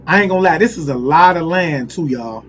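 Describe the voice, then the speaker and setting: A man giving a casual tarot reading to viewers, talking in a musing, repetitive way and pausing to call on spirit. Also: a little high, animated, a bit bright, faint music behind. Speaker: tarot reader.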